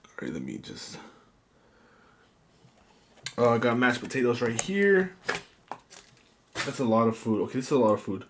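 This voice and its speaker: A young man talks casually to his viewers as he works through a big meal for a mukbang vlog, chatting between bites. His voice sits at an ordinary middle pitch, recorded close at a table with a faint hiss in the background. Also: sing-song, normal speed, pauses often. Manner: quiet murmured prayer. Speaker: mukbang vlogger. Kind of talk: casual eating vlog chat.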